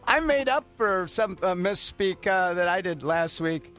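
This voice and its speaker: A man hosting a morning radio talk segment, chatting in a lively way. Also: high voice, measured pace. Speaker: radio host.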